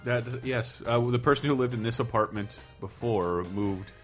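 A man's voice: medium pitch, moderate pace, soft background music. A man in casual chat, making dry, wry remarks.

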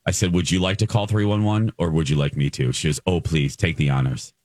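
A man's voice: rumbling low, steady tone, a little fast, darkish tone, no room sound. A man hosting a morning radio show in casual chat, telling stories with gleeful, playful exaggeration.

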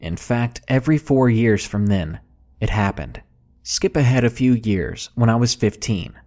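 A man reading out a true scary story in a measured, unhurried way. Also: medium pitch, expressive, darkish tone. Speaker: narrator. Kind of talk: scripted horror story narration. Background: faint background music.

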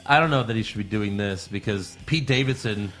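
A man's voice: fairly low pitch, fairly bright tone, soft background music. Profane joking male podcast co-host. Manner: joking, profane, fast banter. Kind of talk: casual chat.

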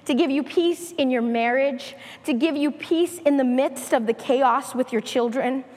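A high-pitched woman delivers a sermon at an unhurried pace, leaning on each repeated phrase. Her voice rings out with a long reverb, as if in a large hall. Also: darkish tone. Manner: slow, emphatic preaching with repetition. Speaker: preacher.

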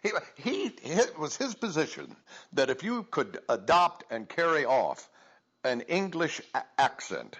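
An older man, a former radio colleague, reminiscing as a guest in a halting way with many restarts and easy laughs. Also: a little high, wildly swooping pitch, fairly bright tone, husky, highs cut off. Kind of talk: reminiscing phone-in interview.

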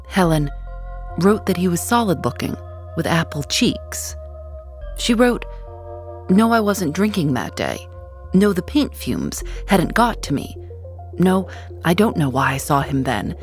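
A woman hosts and narrates a podcast, her lowish voice rising and falling expressively. Faint music sits under her narration. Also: sing-song, unhurried, a little mellow. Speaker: podcast host.

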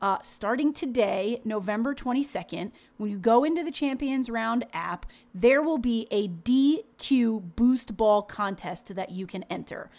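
A woman in casual podcast chat, with a slightly high voice. She sounds bubbly and talkative, with fast bursts and frequent fillers. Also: animated, a little mellow. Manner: bubbly, chatty, lots of "like". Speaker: podcast co-host. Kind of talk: casual chat and read sponsor spot.

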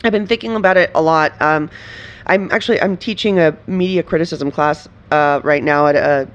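An animated woman from Venezuela, guesting in a casual interview. She laughs often, restarts her sentences, and keeps the talk lively. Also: deep voice, a little fast, highs cut off. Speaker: writer and performer guest.

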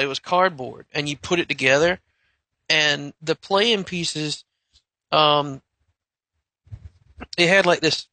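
A man in a casual chat, reminiscing at a relaxed pace with fillers. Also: a little high, dry recording.

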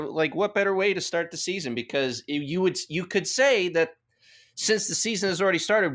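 Male co-host, bright high voice, lively and playful, casual chat. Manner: playful, joking, animated with sound effects. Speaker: podcast co-host. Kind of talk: casual hockey podcast chat.

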